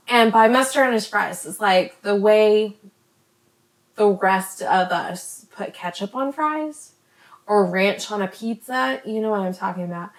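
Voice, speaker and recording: Woman vlogger, casual chat, rambling, lots of ums, mid-pitched voice. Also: a bit bright. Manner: chatty and rambling, many ums; says she stutters when talking fast. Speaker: vlogger recommending creators.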